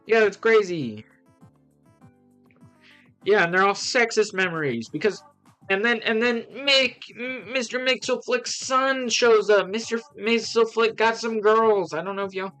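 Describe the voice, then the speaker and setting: A man's voice: high voice, a bit bright. Man, casual livestream comic review, rambling recaps, blunt verdicts, faint music behind. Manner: rambling plot recap full of fillers.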